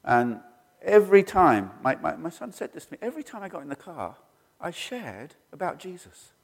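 Animated preacher man in a reverberant hall. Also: moderate pace, vocal fry. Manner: animated, acts out quoted voices with jumps in pitch. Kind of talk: sermon storytelling.

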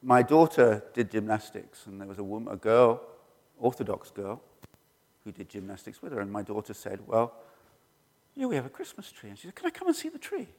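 In a hall with long reverb, a middle-aged man preaches at a brisk clip, animatedly telling sermon stories. He performs the quoted voices, his pitch leaping suddenly as he does.

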